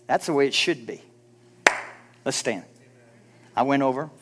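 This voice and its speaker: A man's voice: medium pitch, a little slow, background noise. A pastor preaching a church sermon, urging his listeners with emphatic rhetorical questions and acting out quoted people in mock voices.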